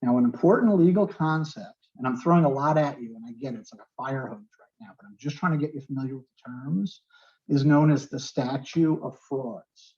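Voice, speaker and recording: A man's voice: medium pitch, fairly quick, a little mellow, muffled recording. A man with a New York accent teaching a real estate class and explaining terms with everyday examples, often checking in with "okay". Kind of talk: online class lecture.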